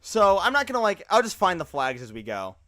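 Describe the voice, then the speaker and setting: Young man, livestreamer, bright lively voice, dry close sound, tired but excitable. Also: high voice, brisk, dry recording. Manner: excitable, laughs often, uses fillers like bro. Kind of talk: casual live reaction chat.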